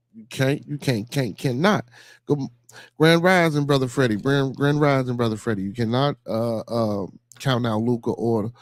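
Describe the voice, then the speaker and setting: A man with a Chicago accent hosting a solo podcast in a relaxed, chatty way, repeating shout-outs and leaning on fillers. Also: mid-range voice, dry recording. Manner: laid-back, repetitive shout-outs and fillers. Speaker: podcast host. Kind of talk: casual solo podcast chat.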